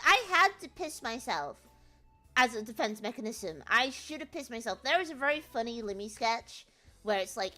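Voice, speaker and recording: Bright-voiced woman telling stories. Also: fairly high pitch. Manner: rambling, animated storytelling with many fillers. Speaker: VTuber streamer. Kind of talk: casual livestream chat.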